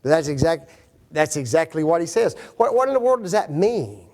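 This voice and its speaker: High, lively male Bible teacher. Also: normal speed. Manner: quizzes audience with fill-in questions; folksy, joking asides. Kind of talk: Bible study lesson.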